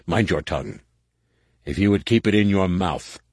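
A man voicing a stern, menacing alien male war master with a rasping, growling delivery. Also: low voice, lively intonation, moderate pace, dry recording, studio quality. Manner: curt, threatening.

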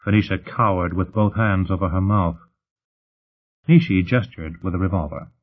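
A low-voiced man reads a novel aloud in an even, measured way. His narration keeps a steady pace. The recording sounds tinny, like a phone line. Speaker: audiobook narrator. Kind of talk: scripted narration.

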